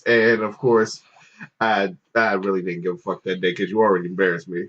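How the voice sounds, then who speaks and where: A man's voice: low-pitched, little pitch movement, fairly quick, a bit bright. A man co-hosting a podcast, telling a story casually and laughing often. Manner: laughs often, acts out voices in his stories. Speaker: podcast co-host. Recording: dull lo-fi podcast audio.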